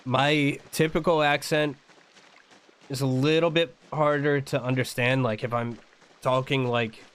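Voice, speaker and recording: A man's voice: medium pitch, fairly even intonation, measured pace, a bit bright, clear, resonant tone. American man chatting while he games. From United States. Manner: rambling, laughs often. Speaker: streamer. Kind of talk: casual chat while gaming.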